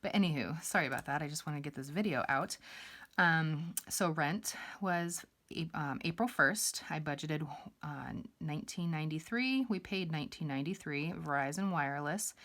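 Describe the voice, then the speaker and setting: A woman's voice: sits low, normal speed, a bit bright. A young woman chatting casually through her budget on camera, rambling with fillers and a little out of breath. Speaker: budgeting vlogger.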